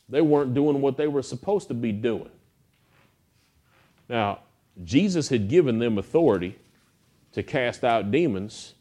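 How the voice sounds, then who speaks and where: A pastor preaches, voice sitting in an ordinary middle range. He tells stories in a folksy, animated way. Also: medium pitch. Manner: folksy, animated storytelling with acted quotes. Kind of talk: sermon.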